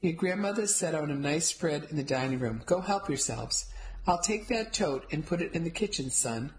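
A woman's voice: sits low, animated, moderate pace, a little hiss or hum, poor audio. A woman voicing a cheerful, boisterous middle-aged father who loves hosting parties. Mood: jovial. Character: hearty middle-aged father, jovial party host.

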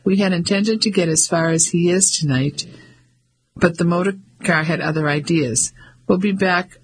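A woman's voice: fairly low pitch, moderate pace, husky, low-quality recording. A man voicing a poised, genteel lady traveller who speaks politely and with composure. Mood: composed.

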